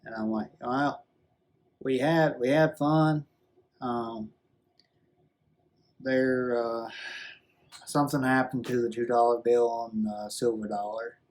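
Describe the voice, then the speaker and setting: A man vlogging a rambling, earnest confessional story, halting often and restarting his sentences. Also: medium pitch, vocal fry, a little mellow. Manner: halting, earnest, with many restarts and drawn-out fillers.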